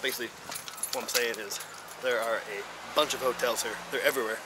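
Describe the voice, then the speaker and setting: Out on town streets and a hilltop, a man with a Midwestern American accent vlogs his travels, winded from climbing, rambling along with fillers and self-corrections. He talks fairly quickly in a steady, mid-range voice while vehicles and street noise sound around him.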